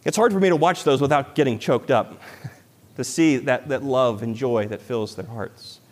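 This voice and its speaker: A man's voice: mid-range voice, normal speed. A man preaching a sermon as a pastor, earnest and building to emphatic peaks. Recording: long hall reverb.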